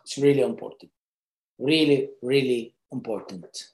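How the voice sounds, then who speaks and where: An earnest presenter with a mid-range, slightly mellow voice speaks unhurriedly to camera, with a roomy echo in the recording. He offers casual, unscripted job-interview advice in loose phrasing with frequent restarts, repeating key points for emphasis.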